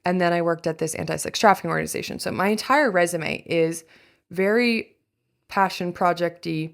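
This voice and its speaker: Deep-voiced woman with gravelly fry. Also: normal speed. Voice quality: deep voice that frays into vocal fry. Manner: blunt, swears freely, wry asides. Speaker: podcast host. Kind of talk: candid personal monologue.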